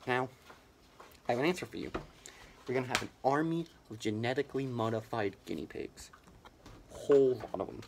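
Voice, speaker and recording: A man's voice: medium pitch, a little fast, gravelly, pauses often, noisy background. Rambling young man in a mock speech. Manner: rambling, absurd deadpan bluster. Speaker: comedian.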